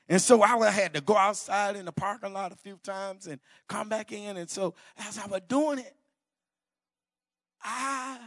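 A man's voice: high-pitched, studio quality. A middle-aged man preaching a sermon in a church hall, talking in a folksy, emphatic way. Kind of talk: sermon with personal testimony.

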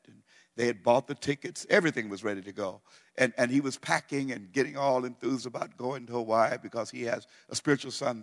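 A middle-aged male pastor preaching a sermon, swinging from loud, excited near-shouting down to low, quiet speech. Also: gravelly, in a large hall.

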